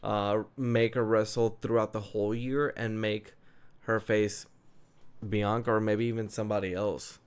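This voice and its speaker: A man hosting a casual wrestling chat over an online call, excitable and loose, dropping "dude" and "man" as he talks. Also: lowish voice, unhurried, clean tone. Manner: excitable, laughs often, fillers like "dude" and "man". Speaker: podcast host.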